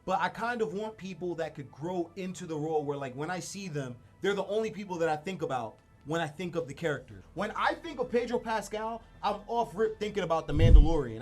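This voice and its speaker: A man's voice: a little high, animated, a little fast, hardly any pauses, faint music behind. A man co-hosting a podcast, talking in a casual, opinionated, slangy way. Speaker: podcast co-host. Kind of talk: casual pop-culture chat.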